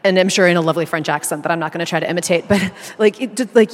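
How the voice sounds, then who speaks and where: A woman interviewing an author, chatty and animated in a conversational interview. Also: fairly low pitch, racing. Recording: long reverb of a hall.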